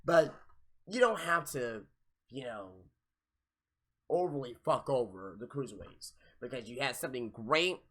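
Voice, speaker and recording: A young man hosting a live wrestling review, ranting in a profane, exasperated way with sudden loud outbursts. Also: medium pitch, lively intonation, unhurried, pauses often. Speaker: podcast host reviewing wrestling.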